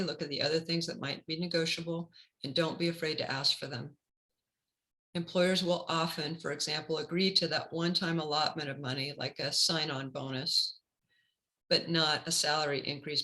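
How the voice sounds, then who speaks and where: Bright-voiced woman career counselor. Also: low-pitched, rough recording. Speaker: career counselor presenting a webinar. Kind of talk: webinar talk.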